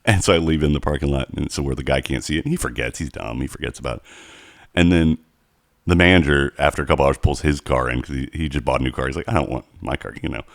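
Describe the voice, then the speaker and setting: A man co-hosting a casual podcast, telling animated stories with plenty of swearing. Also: extremely low pitch, fast talker, no echo, clean studio sound. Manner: animated storytelling, heavy swearing. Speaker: podcast co-host.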